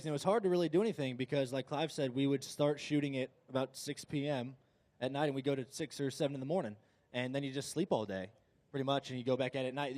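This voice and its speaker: A man's voice: mid-range voice, a little mellow. A man, a race driver guest, joking casually with lots of "like". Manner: laid-back, joking, lots of "like". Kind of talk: casual interview chat.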